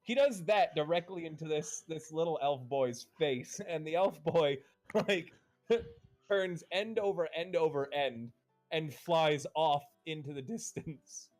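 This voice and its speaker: A man's voice: fairly high pitch, unhurried, a little mellow, faint music behind. A man narrating as game master for a tabletop game, playfully voicing the characters.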